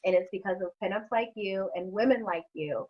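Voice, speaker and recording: A woman's voice: mid-range voice, brisk, lo-fi sound. A woman hosting an interview, talking frankly and emotionally, with some salty language. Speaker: host. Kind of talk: candid conversational interview.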